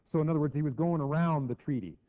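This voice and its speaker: Animated man teaching history, lo-fi. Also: on the high side, fast talker. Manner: chatty, acts out quotes with mock voices. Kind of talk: classroom history lecture. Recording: dull lo-fi classroom recording.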